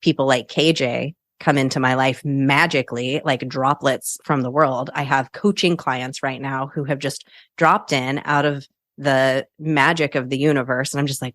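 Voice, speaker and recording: A woman's voice: extremely low pitch, steady tone, moderate pace, fairly bright tone, no echo, studio quality. A woman hosting a solo coaching podcast, chatty and upbeat, laughing often as she talks.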